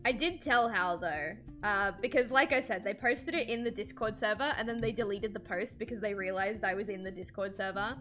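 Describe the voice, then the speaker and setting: A woman artist chatting casually on a livestream while drawing, animated and swearing freely, with frequent laughs. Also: mid-range voice, fairly quick, few pauses, soft background music. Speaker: streamer and artist.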